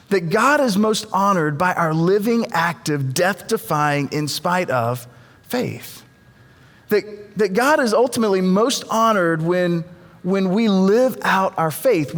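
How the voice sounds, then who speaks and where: Pastor, male, high-pitched, chatty sermon delivery with restarts, echoing church sound. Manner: conversational storytelling with frequent repeated words. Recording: long reverb of a church hall.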